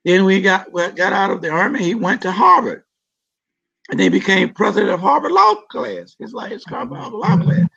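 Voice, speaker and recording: A man's voice: high voice, lively intonation, moderate pace, gravelly, sharp tone, husky. A man, a city council member, giving earnest, emphatic interview answers and often repeating words as he builds a point. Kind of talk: interview answers about community issues. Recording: dull lo-fi live-stream audio.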